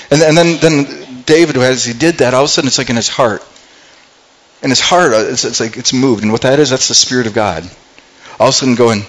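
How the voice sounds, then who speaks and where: A man's voice: medium pitch, rough recording. A man preaching a sermon, reading scripture aloud and retelling it, often repeating words and restarting as he goes. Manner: reads scripture then paraphrases with acted character voices. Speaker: pastor.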